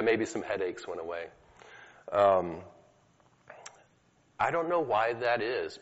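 Man teaching in an echoey hall. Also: fairly low pitch. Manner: storytelling, casual with fillers. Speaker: speaker teaching about healing prayer. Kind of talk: conversational teaching talk to an audience. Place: hall with a live audience. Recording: dull lo-fi recording in an echoey hall.

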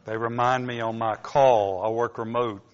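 Southern pastor preaching in a reverberant hall. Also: male voice, medium pitch, fairly even intonation, moderate pace. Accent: North Georgia. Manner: conversational, folksy, self-deprecating asides. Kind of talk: informal sermon. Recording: dull lo-fi sound with long hall reverb.

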